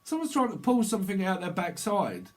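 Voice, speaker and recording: Guy doing a tarot reading, high voice, rambles and keeps laughing. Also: huge pitch swings, brisk. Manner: rambling, jokey, laughs often. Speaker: tarot reader. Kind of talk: casual tarot reading monologue.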